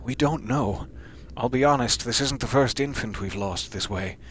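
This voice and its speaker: A man voicing a sinister male doctor who speaks in a soft, measured, falsely consoling tone. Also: medium pitch, slight background noise, lightly acted.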